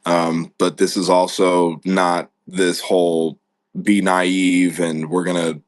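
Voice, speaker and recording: A man's voice: sits low, level tone, takes it slowly, no room sound, clean studio sound. A man from the United States hosting a podcast, chatting casually, rambling and laughing often as he talks. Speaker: podcast host.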